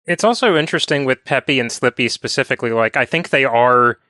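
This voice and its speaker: A man's voice: mid-range voice, quick pace, pushed and bright, no room sound, clean studio sound. A man in casual podcast chat about video games, thoughtful and meandering, leaning on filler words. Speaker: podcast co-host.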